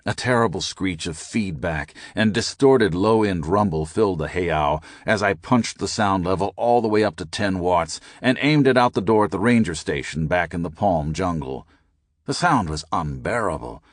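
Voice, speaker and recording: A man narrating an audiobook in a deep, measured voice. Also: expressive, dry recording, clean studio sound. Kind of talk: scripted narration.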